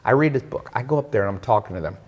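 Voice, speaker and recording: A man hosting a casual talk, telling a story in an animated way and acting out the voices of the people in it. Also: medium pitch, racing, husky, in a large hall. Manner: animated, acts out quoted voices. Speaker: podcast host.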